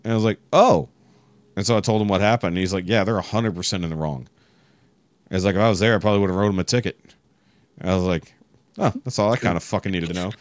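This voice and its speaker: A man with a very low voice tells a long, exasperated story on a podcast, cursing constantly as he goes. The sound is dry and close, with no room around it. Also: very fast, no room sound. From Texas. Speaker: podcast guest. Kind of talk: casual chat.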